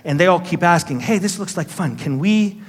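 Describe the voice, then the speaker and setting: A man's voice: high-pitched, expressive, brisk, breathy edge. A man in his fifties, a pastor preaching a sermon in a church, telling a personal story and acting out the voices in it with earnest conviction. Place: church sanctuary. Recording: long hall reverb.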